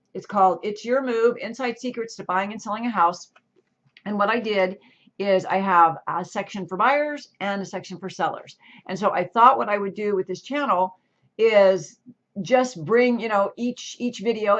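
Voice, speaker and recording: A woman's voice: mid-range voice, moderate pace. Chatty middle-aged woman, slightly dull audio. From California. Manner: chatty, self-interrupting, lots of asides. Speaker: real estate agent and channel host. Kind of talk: casual talking-to-camera intro.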